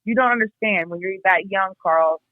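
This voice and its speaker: A woman from Iowa giving a candid personal account, blunt and halting, swearing freely as she reflects. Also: medium pitch. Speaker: guest, host's sister. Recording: tinny phone line.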